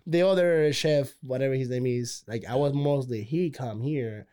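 A man, excitedly telling a story in casual chat, repeating words and restarting. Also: mid-range voice, moderate pace, clean tone. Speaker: pedicab driver telling a story.

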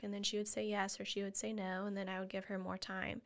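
A woman guest on a podcast, earnestly explaining how she supports children, often acting out gentle words to a child. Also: mid-range voice, level tone, fairly quick, hardly any pauses, clear, resonant tone. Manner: earnest, acts out gentle parent dialogue. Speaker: guest, family therapist. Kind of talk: casual interview chat.

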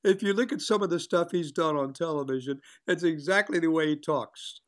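A man's voice: fairly high pitch, a little fast. An older man, a longtime sports broadcaster, telling chatty anecdotes in an interview and acting out what others said. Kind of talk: casual storytelling in an interview.

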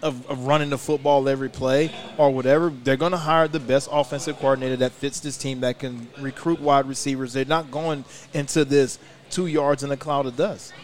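A former player talking in a casual podcast chat, emphatic and fired up, swearing freely, recorded live at a restaurant. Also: male voice, mid-range voice, steady tone, brisk.

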